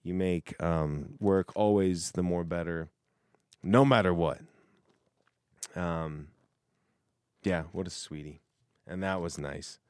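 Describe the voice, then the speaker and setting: A man chats casually, rambling and cutting himself off as he reads through messages and laughs along. His voice is lower than average and his pace unhurried. The sound is dry and close. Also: steady tone, darkish tone, clean tone, no echo. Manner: rambling, self-interrupting, laughs often. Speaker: host reading messages from coworkers. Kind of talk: casual chat.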